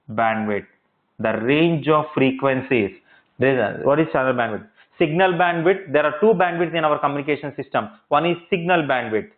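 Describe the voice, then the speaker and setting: A male lecturer teaching in a classroom, repeating points and checking understanding with rhetorical questions. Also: a little high. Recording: tinny phone-like audio.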